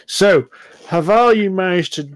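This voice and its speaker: A man's voice: high voice, unhurried. Chatty male game master. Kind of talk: narrating a tabletop game.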